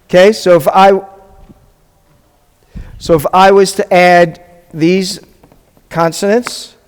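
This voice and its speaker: A man with a high voice teaches a live class, speaking slowly as he drills sounds with his students. He throws in joking asides as he goes. His voice rings with the long reverb of a hall. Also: steady tone, smooth. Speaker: rabbi teaching a Hebrew class. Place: congregation classroom.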